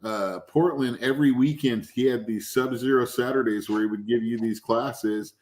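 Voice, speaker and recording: A male guest with an ordinary middle-pitched voice swaps stories in a relaxed podcast chat. He talks casually and gets animated, dropping into quick impressions of the people in his tales. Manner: lively anecdotes, acts out quoted people. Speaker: guest, cannabis extract maker. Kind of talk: casual storytelling.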